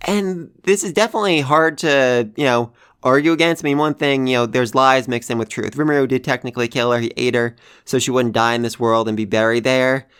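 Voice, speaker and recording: A man reviewing an anime episode, talking in an animated way that swings from hushed sighs to loud exclamations. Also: mid-range voice, a little fast, clean tone.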